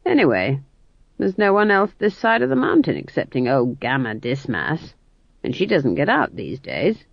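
A woman's voice: very deep voice, huge pitch swings, normal speed, gravelly, no room sound, heavily acted. A woman voicing a proud, disapproving old female witch who speaks curtly. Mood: stern. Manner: curt, disapproving. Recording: dull dry studio read.

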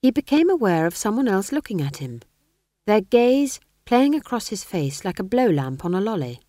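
An audiobook narrator, a woman with a mid-range voice, reads a novel aloud at normal speed in a wry, expressive storytelling style. The scripted narration has a dry, clean studio sound.

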